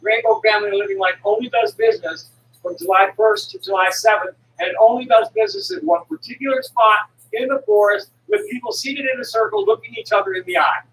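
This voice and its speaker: A woman's voice: medium pitch, expressive, brisk, slight background noise. A woman in her sixties, a traveling herbal medicine seller, talking in a rambling, digressive monologue full of restarts and the odd blunt curse. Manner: blunt, occasionally profane. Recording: echoey room from some distance, faint ambience.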